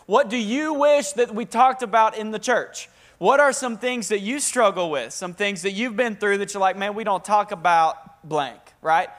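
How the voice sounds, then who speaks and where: A young man with a Southern accent preaching a lively, joking sermon to a congregation and prompting them to answer back. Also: sits high, moderate pace. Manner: talkative, energetic, joking. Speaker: pastor. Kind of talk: lively sermon with call-and-response. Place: church hall with a live congregation.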